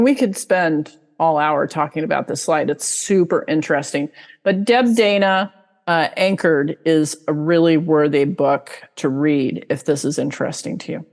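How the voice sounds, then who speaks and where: A woman's voice: on the low side, in a large hall. A woman giving a casual online talk as a guest expert, chatty and full of fillers, now and then acting out inner voices. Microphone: video call mic.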